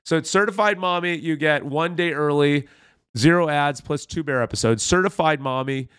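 A man's voice: a little high, normal speed, fairly bright tone, clean tone. A man hosting a reaction commentary, mocking and sarcastic with exaggerated fake enthusiasm, talking straight to his viewers. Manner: speaks directly to viewers as friends. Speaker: commentary host.

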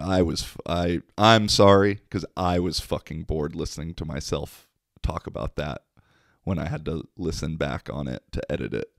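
A laid-back American man hosts his podcast, telling casual stories full of swearing. His voice is low and deep. The sound is dry and close, with no room echo. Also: gravelly. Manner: profane, laid-back storyteller. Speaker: podcast host. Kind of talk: casual storytelling monologue.

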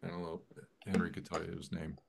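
A man chatting casually on a video call, an animated storyteller whose voice jumps up when he quotes others. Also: low voice, quick pace, vocal fry, slight background noise. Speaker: guest photographer.

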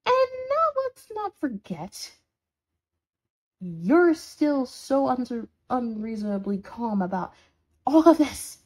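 A woman's voice: a little high, big pitch swings, slow pace, darkish tone, full character voice. A woman voicing a sarcastic, scolding horned demon in an audio role-play for a listener. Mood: exasperated scolding. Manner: sarcastic, scolding, dramatic swings.

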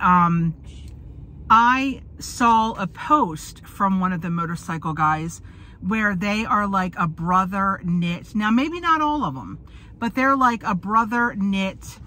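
A woman's voice: on the low side, pushed and bright. A woman in her forties chatting casually in a car, rambling and losing her train of thought. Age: 40s. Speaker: vlogger. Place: in a parked car.

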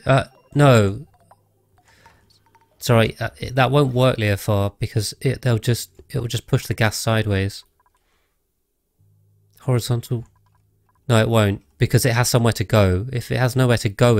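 A man's voice: medium pitch, moderate pace, gravelly, darkish tone, no room sound. A man streaming a video game live, thinking aloud and chatting casually with his viewers as he plays. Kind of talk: casual live gameplay commentary.

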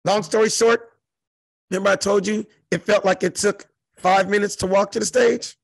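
Gravelly, high-voiced man telling a wild story. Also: steady tone, moderate pace, no echo. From South Central Los Angeles. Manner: profane, emphatic, mimics crowd noises. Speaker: interview guest, comedian. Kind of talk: animated storytelling.

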